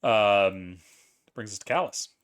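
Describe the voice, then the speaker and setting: A man running a tabletop game as game master, casual and quick to laugh and swear. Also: on the low side, clean tone.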